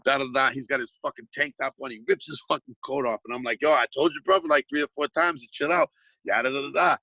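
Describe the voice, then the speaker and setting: Guy swearing thru a rambling story, sharp bright voice, dead dry sound. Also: mid-range voice, fast, creaky, no echo, lo-fi sound. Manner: profane, rambling, restarts a lot. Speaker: hip-hop artist guest. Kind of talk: casual storytelling.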